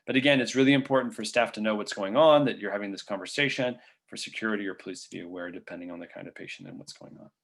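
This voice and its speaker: Low gravelly man answering questions. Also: big pitch swings, racing, fairly bright tone. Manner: conversational, thinks aloud with frequent fillers. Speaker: physician presenter.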